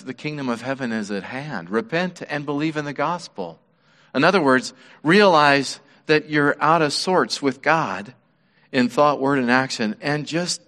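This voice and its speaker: A man preaching a sermon as pastor, earnest and measured, his voice dropping softly on key words. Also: medium pitch. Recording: long reverb of a large hall.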